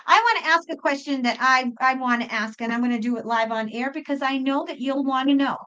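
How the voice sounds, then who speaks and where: A woman doing a live-stream tarot reading, talking earnestly with halting restarts. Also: high-pitched, fairly bright tone, clean tone, lo-fi sound. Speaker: tarot reader.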